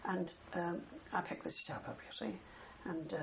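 Gravelly older man reminiscing. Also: high-pitched, moderate pace. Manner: rambling storyteller with many "you see" tags. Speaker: interviewee, war veteran. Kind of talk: oral history reminiscence. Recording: dull older recording with faint hiss.

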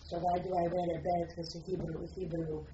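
An older woman from Poland, giving personal testimony in a reflective, halting way as she searches for words. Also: fairly low pitch, little pitch movement, dark tone, slight background noise. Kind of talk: personal testimony, recalled aloud. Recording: distant roomy lo-fi recording.

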